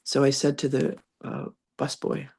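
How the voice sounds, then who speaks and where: A woman's voice: extremely low pitch, measured pace, gravelly, husky. A congested woman, a reverend and psychic medium, chatting through stories and reading a spiritual lesson. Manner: chatty, animated anecdotes with frequent laughter. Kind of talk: casual storytelling, then reading a channeled message.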